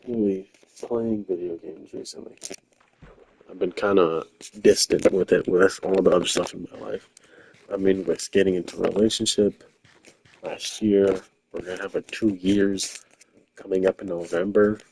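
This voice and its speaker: A young man talking quietly to himself while streaming a game late at night in his quiet home. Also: deep voice, normal speed, creaky, pauses often, breathy edge, low-quality recording. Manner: quiet, rambling, self-talking. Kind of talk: casual late-night gameplay stream chat. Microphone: controller or headset mic held close.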